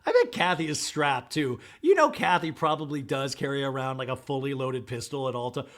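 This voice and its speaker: A man hosting a podcast, giving a comedic reality-show recap with animated, swearing, jokey asides. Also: mid-range voice, a little fast, hardly any pauses. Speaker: podcast host.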